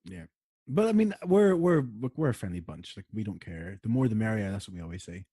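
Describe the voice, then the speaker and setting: A man's voice: lowish voice, big pitch swings, brisk, mellow, slightly rough, no echo. A man with a Northern Irish accent, co-hosting a podcast in casual, bantering chat that rambles and dissolves into giggles. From Northern Ireland. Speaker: podcast co-host.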